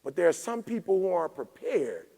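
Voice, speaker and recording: A man delivering a fiery motivational keynote from a conference stage, his voice pitched high with a gravelly, frying edge. He preaches emphatically and builds to shouted peaks, while the hall throws back a long, reverberant tail. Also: big pitch swings, a little fast.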